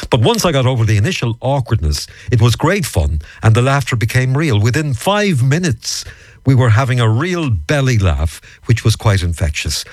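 A man's voice: mid-range voice, no room sound. A man hosting a morning radio chat show, chatty and jokey. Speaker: radio host. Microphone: studio microphone.

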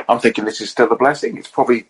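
Man, husky, mid pitch, animated anecdotal storyteller, podcast chat. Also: brisk, rough recording. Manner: animated storyteller, acts out quotes.

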